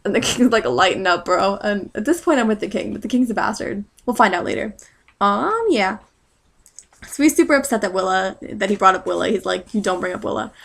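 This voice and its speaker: A woman's voice: mid-range voice, expressive, fairly quick, gravelly, fairly bright tone. A young woman casually recapping a book chapter in a rambling, sarcastic way, full of fillers and side jokes. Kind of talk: casual chat.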